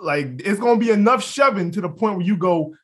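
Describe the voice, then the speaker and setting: A man's voice: high voice, brisk. A young man co-hosting a casual podcast, telling a story with lots of swearing and laughter and acting out the other people's lines. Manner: animated storyteller, acts out quotes, laughs, swears freely. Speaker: podcast co-host.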